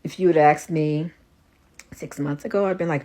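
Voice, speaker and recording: Tired low-voiced woman vlogging from bed. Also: fairly even intonation. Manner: soft, rambling, halting with restarts. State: tired and exhausted; stuffy with a runny nose. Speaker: spiritual coach and psychic reader. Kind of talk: casual confessional vlog. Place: in bed at home.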